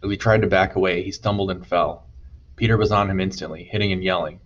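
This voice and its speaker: A man narrating an audiobook chapter in a steady storytelling manner. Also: sits low, fast, lo-fi sound, a little hiss or hum. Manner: steady storytelling, voices dialogue. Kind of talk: scripted narration.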